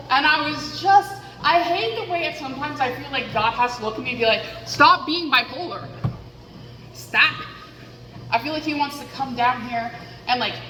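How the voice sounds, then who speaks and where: A woman's voice: fairly high pitch, a bit bright, a little hiss or hum. Chatty woman rambling in an echoey room. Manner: chatty, self-deprecating, thinks aloud. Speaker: vlogger. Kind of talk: candid rambling monologue. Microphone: headset mic.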